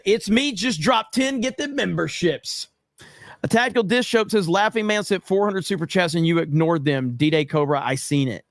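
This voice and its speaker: An American man with a slightly high voice hosts a casual livestream, reading out viewers' super chats. He answers them in a profane, exasperated, joking way, and the recording is dry with clean studio sound.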